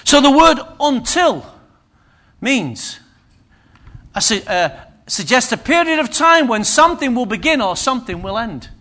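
A man's voice: very high voice, sing-song, measured pace, bright, forceful tone. A man preaching a sermon, conversational and humorous with emphatic turns.

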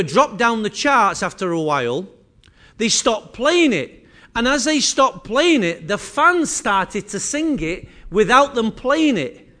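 Mancunian man with a high voice, talking to a small room, casual and teasing. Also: fairly bright tone. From Manchester, England. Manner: chatty, teasing, addresses audience directly. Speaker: presenter. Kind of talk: jokey live presentation to a room. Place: meeting room with small audience.

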